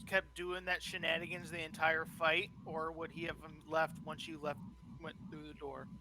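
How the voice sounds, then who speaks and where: A man's voice: on the high side, level tone, normal speed, sharp tone. A man acting as game master in casual chat, brief and dry. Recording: noisy background.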